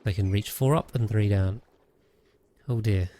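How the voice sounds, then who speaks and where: A man with a lowish voice chats his way through a game stream, speaking casually into a desk mic. He thinks aloud, restarting and trailing off as he plays. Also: a little slow, dark tone. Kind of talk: casual gameplay commentary.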